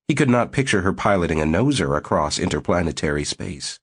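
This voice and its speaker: Male audiobook narrator, low and husky, steady storytelling delivery. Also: brisk, few pauses. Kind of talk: scripted narration.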